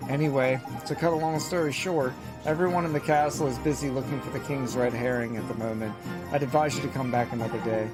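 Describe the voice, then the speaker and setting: A man's voice: mid-range voice, steady tone, quick pace, natural voice, poor audio. A man voicing a polite, officious male palace gatekeeper who explains things formally, over faint game music. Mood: apologetic.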